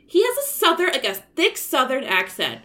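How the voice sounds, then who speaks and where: A woman's voice: high-pitched, wildly swooping pitch, normal speed, a crowd in the background. A woman in her thirties from Maryland with a Baltimore accent, co-hosting a podcast in casual, rambling chat full of restarts and fillers. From Maryland, USA. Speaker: podcast co-host.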